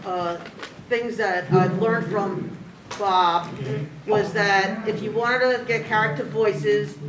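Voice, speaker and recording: Audience member chiming in, halting, roomy far-off sound w/ noise. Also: medium pitch, steady tone. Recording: echoey room from far off with noise.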